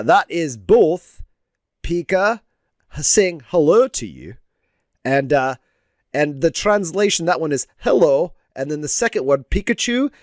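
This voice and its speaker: A man's voice: on the high side, a little mellow, dry recording, clean studio sound. A man casually chatting on a stream while he draws, rambling and giving playful mock lessons with lots of filler words. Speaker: digital artist streaming. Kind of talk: casual livestream chat while drawing.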